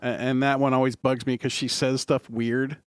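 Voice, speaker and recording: A man's voice: medium pitch, level tone, moderate pace, clear, resonant tone, no echo, clean studio sound. A man co-hosting a podcast in easygoing casual chat, laughing often. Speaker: podcast co-host.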